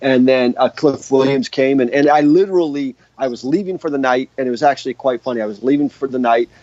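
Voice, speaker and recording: A man's voice: medium pitch, quick pace, warm tone, no room sound. Rambling male guitarist telling a story. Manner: rambling, many restarts and fillers. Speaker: guest guitarist. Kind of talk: casual interview storytelling. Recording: dull lo-fi dry sound.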